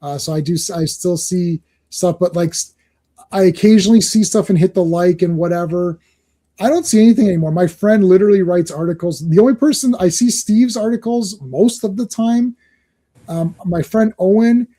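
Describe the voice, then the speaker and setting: A man's voice: high voice, moderate pace, warm tone. A middle-aged man from Canada hosting a live stream, chatting casually and rambling with many restarts. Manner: rambling, self-interrupting, chuckling. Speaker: stream host.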